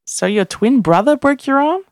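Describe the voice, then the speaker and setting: A woman voicing a cheerful young nurse who talks brightly and briskly while she works. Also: high voice, expressive, no room sound, studio quality, voice pushed up. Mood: friendly.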